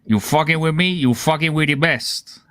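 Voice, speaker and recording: A man's voice: fairly high pitch, moderate pace, a bit bright, no echo, clean studio sound, lightly acted. A man putting on a swaggering, foul-mouthed male movie drug lord, cocky and menacing.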